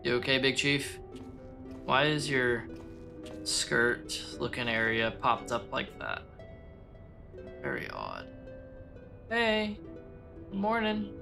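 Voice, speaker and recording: A man's voice: mid-range voice, wildly swooping pitch, slow, creaky, long pauses, music in the background. A man streaming a game, chatting casually with his viewers, joking and a little crude as he reacts. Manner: joking, crude, talks straight to chat. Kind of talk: casual gameplay chat with viewers.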